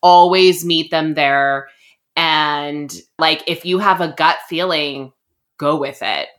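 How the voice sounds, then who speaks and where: A young woman casually telling a personal story as a podcast co-host, chatty and animated with plenty of fillers. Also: low-pitched, slow.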